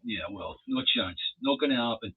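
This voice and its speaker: A man co-hosting a casual political chat, speaking in a measured but defiant way with rambling asides. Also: medium pitch, lively intonation, slightly rough. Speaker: co-host. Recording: phone-like narrow audio.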